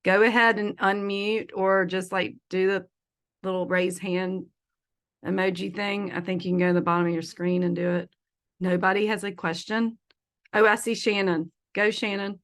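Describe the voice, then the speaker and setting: Woman, online class teacher, crisp bright tone, loose and laughing. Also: mid-range voice, little pitch movement, moderate pace. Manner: chatty and playful, laughs often, says y'all. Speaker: feng shui consultant teaching an online class. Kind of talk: casual online presentation. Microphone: video call.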